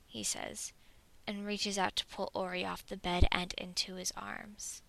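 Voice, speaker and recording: A woman reading a romantic fan fiction story aloud in a soft, intimate way, at times sinking into a whisper. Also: medium pitch, level tone, measured pace, gravelly, low-quality recording.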